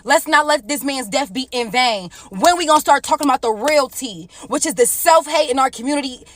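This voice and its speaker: A woman's voice: high-pitched, lively intonation, brisk, a bit bright, a little hiss or hum. A woman giving blunt, earnest commentary to camera, with the odd swear word. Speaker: content creator.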